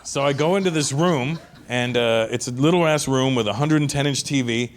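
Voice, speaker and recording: A man telling a stand-up story with lively energy, who keeps slipping into the voices of the people in it. His pitch sits at an ordinary middle for a man. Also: normal speed, slight background noise. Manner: animated, acts out other people's lines. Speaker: stand-up comedian.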